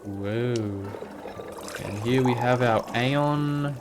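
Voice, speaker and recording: A man's voice: medium pitch, slow pace, over music. A man giving casual, muttering running commentary as he plays a video game. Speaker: gaming video host. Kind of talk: casual let's-play commentary.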